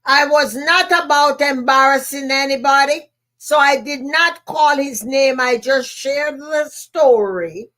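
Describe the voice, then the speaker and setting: A woman's voice: sits high, slow pace, sharp tone. A woman with a Jamaican accent, a podcast host and motivational speaker telling a personal story in an emphatic way, repeating key phrases.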